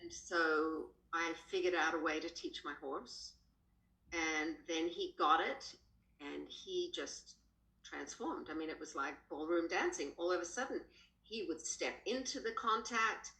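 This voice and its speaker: A woman with an Australian accent, a horse trainer, telling stories animatedly as a podcast guest. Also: unhurried. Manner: animated, jumps up in pitch when quoting. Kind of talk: casual storytelling in a podcast. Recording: roomy echo.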